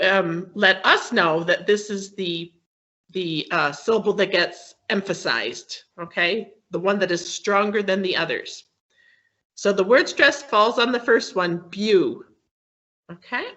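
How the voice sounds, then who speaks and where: Bright and forceful, this woman's medium-pitched voice leads an online English pronunciation lesson on word stress, heard through dull, lo-fi video call audio. As a guest on the call, she explains patiently, step by step, and checks in often with her students by asking "okay?"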